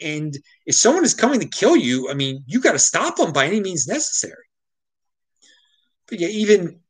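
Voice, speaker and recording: A man from the Baltimore area talks through his solo show in a loose, ranting opinion monologue, his fairly bright voice swinging widely in pitch as his exasperation builds. He stumbles and restarts mid-sentence before pressing on, and the recording is rough.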